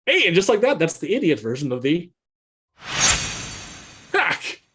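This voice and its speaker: A man co-hosting a casual business chat, telling stories with animated swings in pitch and often repeating words as he thinks. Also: unhurried, slight background noise. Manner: animated storyteller, jumps in pitch for quoted voices. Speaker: podcast co-host.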